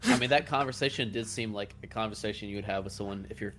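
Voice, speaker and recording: A man's voice: lowish voice, fast, fairly bright tone, slight background noise. A man playing in a tabletop game, casual and wry. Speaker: player.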